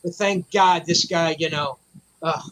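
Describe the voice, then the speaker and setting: A man telling a long, profane, animated story in a casual chat. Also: fairly high pitch, a little slow, low-quality recording. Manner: profane, animated anecdote teller. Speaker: memorabilia collector guest.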